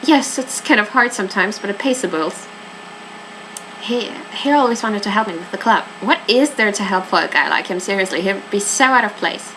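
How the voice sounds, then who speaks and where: A woman voicing a defensive, sharp-tongued young nightclub worker in a game, curt and huffy. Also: medium pitch, animated, moderate pace, noisy background, natural voice.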